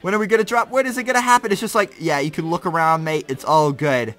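A young man giving excitable, slangy let's-play commentary, laughing and reacting loudly as he plays. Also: fairly high pitch, fast, faint music behind. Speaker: gaming YouTuber.

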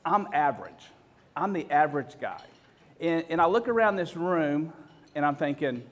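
A man, telling stories to an audience in a joking, self-deprecating way, full of restarts and acted-out quotes. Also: on the high side. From Texas. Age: 50s. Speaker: speaker. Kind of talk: storytelling talk to an audience.

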